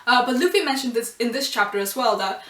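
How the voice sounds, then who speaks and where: In a casual review video, this anime and manga reviewer gushes emotionally over a comic chapter with plenty of ums and laughter. Her voice sits on the high side, animated, fast and fairly bright, and the recording is roomy and distant from the mic.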